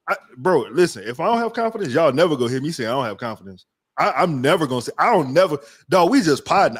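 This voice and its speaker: A man's voice: fairly high pitch, husky. A man with a New Orleans accent, co-hosting a sports podcast and trash-talking with a lot of profanity. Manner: profane, animated trash talk. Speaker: podcast co-host. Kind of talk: casual sports chat.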